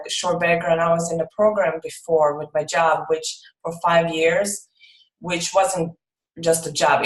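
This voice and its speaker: A woman sharing on a video call, speaking hesitantly with many fillers and slowing down for emphasis. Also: sits low, roomy sound, rough recording. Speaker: group call participant.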